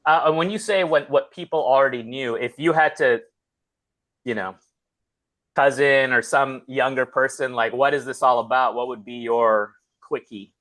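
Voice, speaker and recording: A man hosting a casual livestream talk show, talking in a relaxed, conversational way. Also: mid-range voice, unhurried, rough recording. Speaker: host.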